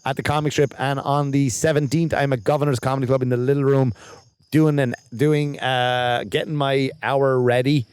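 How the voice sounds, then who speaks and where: A man's voice: medium pitch, darkish tone, clear, resonant tone, no echo. A man, a stand-up comedian co-hosting a casual comedy podcast, talking in a rambling, joking way with lots of restarts and swearing.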